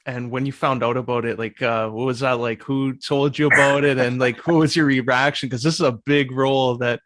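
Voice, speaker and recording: A man interviewing an actor, asking questions in a relaxed, conversational way. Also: medium pitch, normal speed, no echo.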